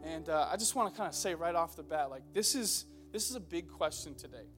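Young male pastor, high-pitched, jokey sermon style that turns earnest, stage mic in church. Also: lively intonation, fairly quick, fairly bright tone, soft background music. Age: young adult. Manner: joking storyteller who builds into earnest exhortation. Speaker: preacher. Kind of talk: humorous sermon. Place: church auditorium before a congregation.

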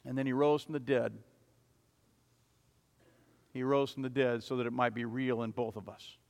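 A man's voice: medium pitch, flat delivery, moderate pace, gravelly, natural voice. Devout sister pleading with a dying brother, as a preacher puts her on; urgent and earnest, reverberant church. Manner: urgent, pleading, rising to loud.

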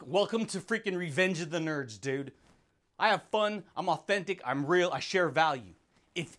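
Fired-up, high-voiced male podcast host. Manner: energetic, slangy, fired up; puts on quick voices for quoted people. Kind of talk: motivational podcast monologue.

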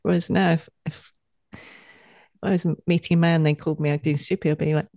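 A woman speaking as a guest in a casual podcast conversation, animated and quick to laugh as she acts out her own inner voices. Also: sits low, no echo, clean studio sound.

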